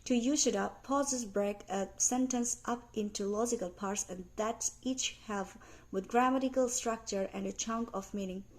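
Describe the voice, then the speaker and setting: Woman reading a class presentation. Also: a little high. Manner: careful, measured reading with non-native grammar slips. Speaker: student presenter. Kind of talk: read academic class presentation.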